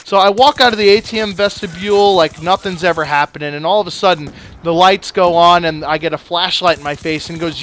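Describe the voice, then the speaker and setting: A man's voice: sits high, a little fast, slight background noise. A young man swearing his way through a casual story while commenting on his own gameplay. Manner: profane, swears constantly; animated, jokey. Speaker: gaming channel host.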